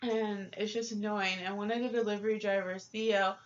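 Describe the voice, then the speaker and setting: A woman's voice: mid-range voice, level tone, normal speed, lo-fi sound. A young woman ranting to camera about her job, frustrated and swearing, with many filler ums. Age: young adult. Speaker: vlogger. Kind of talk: casual rant to camera.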